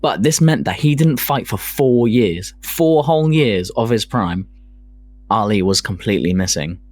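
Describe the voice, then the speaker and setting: A man's voice: fairly low pitch, animated, normal speed, a little mellow, dry recording. A man co-hosting a casual podcast, reading from notes, swearing casually and laughing at himself. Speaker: podcast co-host presenting a segment.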